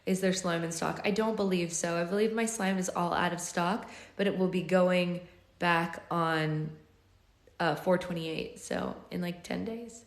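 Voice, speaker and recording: Hoarse, gravelly woman on a live stream. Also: on the low side, steady tone, measured pace. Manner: chatty, rambling, playful. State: hoarse, losing her voice. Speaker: book club livestream host. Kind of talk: reading aloud and casual chat. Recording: roomy echo.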